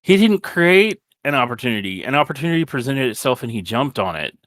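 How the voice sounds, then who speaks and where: A man's voice: medium pitch, sing-song, a little fast, a bit bright, no room sound, studio quality. A man co-hosting a casual wrestling podcast, recapping the show with sarcastic asides and mocking impressions of the wrestlers. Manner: sarcastic, acts out wrestlers' lines in mocking voices. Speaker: podcast co-host.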